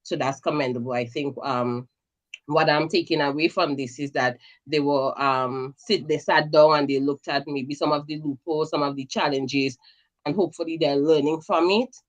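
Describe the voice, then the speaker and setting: A woman from Grenada calling in to a talk show, giving measured, earnest commentary with frequent fillers. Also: low voice, fairly even intonation. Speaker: caller commenting on the budget. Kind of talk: casual call-in commentary.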